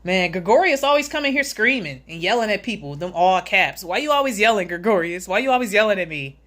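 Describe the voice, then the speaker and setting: A woman's voice: mid-range voice, expressive, fast talker, fairly bright tone. A woman hosting a casual livestream, reading chat comments aloud, greeting viewers by name, and joking sarcastically with frequent laughs. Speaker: livestream host.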